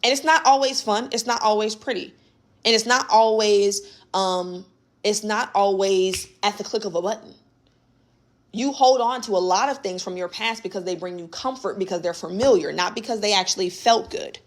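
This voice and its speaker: A woman's voice: mid-range voice, normal speed. A young adult woman hosting a live spiritual coaching session, speaking in a casual, emphatic way, repeating her points and talking straight to her listeners. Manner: emphatic and conversational, repeats points, addresses listeners as baby and y'all. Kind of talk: casual motivational teaching on a livestream. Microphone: phone or webcam on a live stream.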